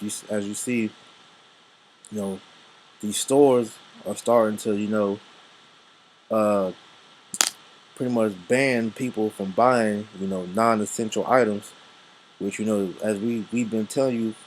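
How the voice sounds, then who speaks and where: Low, flat-voiced man teaching religion. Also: a little hiss or hum, poor audio. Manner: casual, loose, full of fillers. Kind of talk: religious lesson video.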